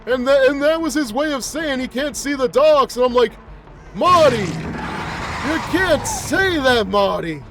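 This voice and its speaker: Man putting on a creaky-pitched, slow, grumbling old monster who rambles and complains about everything. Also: expressive, noisy background, heavily acted. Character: cranky rambling old man, a mutated flower-headed monster. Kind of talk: gameplay roleplay commentary.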